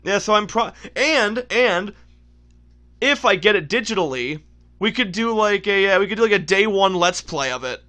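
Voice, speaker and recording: Bright, high-voiced excitable gamer man. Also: normal speed. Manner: excitable, laughs often, self-interrupting. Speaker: let's play host. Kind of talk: casual gameplay commentary.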